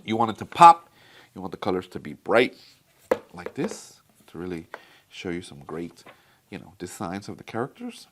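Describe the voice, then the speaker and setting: A man's voice: sits low, big pitch swings, normal speed, fairly bright tone, a little hiss or hum. A man casually reviewing a comic book collection, chatty and enthusiastic, talking straight to his viewers. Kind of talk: casual product review vlog.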